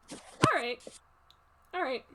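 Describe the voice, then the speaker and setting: A woman running a tabletop game as game master, relaxed and full of fillers. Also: high-pitched, slow, very noisy. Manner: laid-back, filler-heavy.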